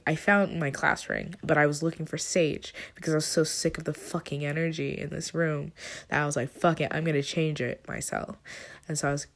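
A young woman with a stuffy nose, rambling candidly and swearing through a personal voice update after a long, emotional day. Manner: rambling, candid, swearing, swings between low mumbling and high tearful outbursts.

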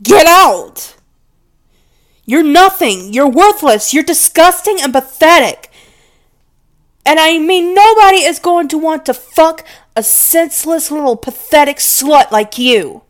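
A possessive, volatile mistress, played by a woman in an audio role-play, speaking straight to the listener. She talks slowly and deliberately, domineering and scornful, and slips now and then into hushed whispers. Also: medium pitch. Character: possessive, volatile woman scolding her pet.

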